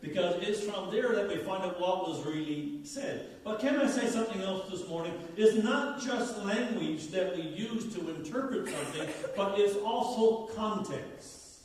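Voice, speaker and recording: A man's voice: high voice, unhurried, hardly any pauses, darkish tone. A man from Newfoundland with a Newfoundland accent, preaching a folksy, conversational sermon and asking the congregation questions. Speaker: pastor. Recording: echoey church hall, mic far off.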